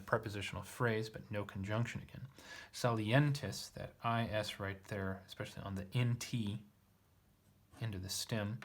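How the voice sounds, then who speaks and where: A man with a fairly low voice works through Latin grammar out loud, one word at a time. He hesitates and corrects himself often, and makes dry little jokes at his own expense. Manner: hesitant, self-correcting, self-deprecating. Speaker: teacher reading Latin scripture. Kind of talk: translating Latin aloud, thinking aloud.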